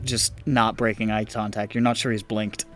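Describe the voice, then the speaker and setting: A man's voice: fairly low pitch, level tone, moderate pace, a bit bright, faint music behind. A man running a tabletop game as game master, narrating and bantering playfully with his players.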